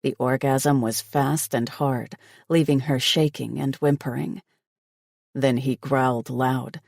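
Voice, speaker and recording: A man reading a romance audiobook in scripted narration, slow and steady. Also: mid-range voice, gravelly, dry recording, clean studio sound.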